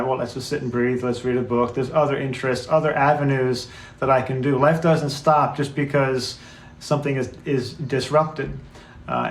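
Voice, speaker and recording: A man co-hosting a spiritual talk show, speaking in an earnest, reflective way and coaxing his listeners. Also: mid-range voice. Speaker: co-host. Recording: roomy echo, faint background noise.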